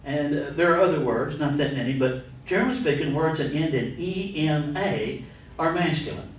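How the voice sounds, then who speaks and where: A male teacher gives a grammar lesson in a slow, deliberate way, stopping to spell words letter by letter. His voice sits back from the mic and rings around a strongly echoing room. A faint low rumble runs beneath it. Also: recorded from a distance. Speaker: Spanish teacher. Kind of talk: recorded grammar lecture.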